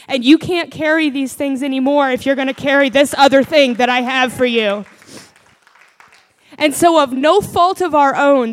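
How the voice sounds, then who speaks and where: High-voiced woman preaching a fervent sermon. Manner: earnest testimony, rising to fervent prayer.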